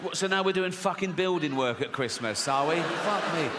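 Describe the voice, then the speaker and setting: Live from a theater stage, with long hall reverb and background noise, a middle-aged man works through a stand-up routine full of profane, mock-outraged ranting. His voice sits a little high, with lively intonation and a moderate pace.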